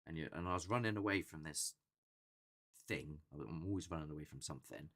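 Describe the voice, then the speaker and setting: A man's voice: rumbling low, brisk, a bit bright. A young man hosting a casual live chat, rambling and chatty, often acting out what people say. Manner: rambling, chatty, acts out quotes. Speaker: host of a paranormal channel.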